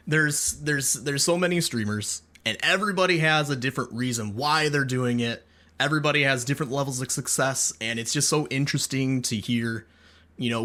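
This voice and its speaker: A man hosts a casual podcast with a bright, forceful voice. He sounds upbeat but halts often and restarts his sentences as he talks. His pitch sits in the middle range for a man. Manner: upbeat, halting with many restarts. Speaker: podcast host.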